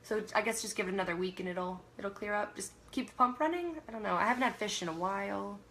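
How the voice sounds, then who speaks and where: A woman's voice: medium pitch, fast talker, fairly bright tone, a little hiss or hum. A young woman from Canada hosting a casual livestream, reading viewer comments aloud, laughing often and trailing off mid-sentence. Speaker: livestream host.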